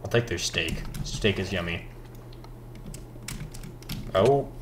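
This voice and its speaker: A man's voice: low-pitched, slow. A teenage boy rambling casually while gaming, laid-back and mumbling with hesitant fillers. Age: teens. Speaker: gaming vlogger. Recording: faint background noise, keyboard clicks.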